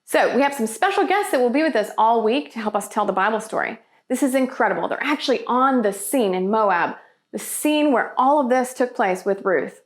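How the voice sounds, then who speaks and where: A woman's voice: on the high side, lively intonation, fairly quick. Upbeat woman hosting a kids' church video. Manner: upbeat, enthusiastic. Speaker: children's ministry host.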